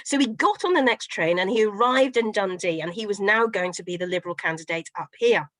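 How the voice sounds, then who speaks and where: A middle-aged woman professor giving an online history lecture, telling it as a lively story with frequent fillers. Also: medium pitch, fairly quick, dry recording, low-quality recording. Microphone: video call.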